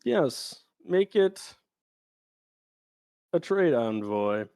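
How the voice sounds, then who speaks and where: A streamer doing an impression of a pompous, scheming filmmaker with a deliberate, grandiose delivery. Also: mid-range voice, sing-song, dark tone, no room sound, clean studio sound, pitched below the performer's own voice, heavily acted.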